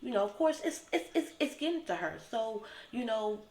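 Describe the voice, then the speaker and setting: A woman's voice: a little high, animated, normal speed, darkish tone. Rambling woman recapping in an echoey room. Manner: rambling, heavy with filler words. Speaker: TV episode recapper. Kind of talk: casual recap commentary. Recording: roomy echo with faint ambience.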